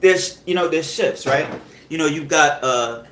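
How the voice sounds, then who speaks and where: A man hosting a podcast, telling a story in a heated, animated rant full of profanity and repeated check-ins with the listener. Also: a little high, measured pace. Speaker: podcast host. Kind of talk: casual storytelling monologue. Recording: roomy echo.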